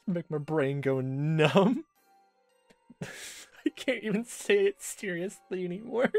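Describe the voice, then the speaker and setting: A man's voice: sits high, animated, takes it slowly, gravelly, faint music behind. Exasperated laughing man reacting to a game. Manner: exasperated, laughs often, swears, trails off with fillers. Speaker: let's play commentator. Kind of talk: casual reaction commentary.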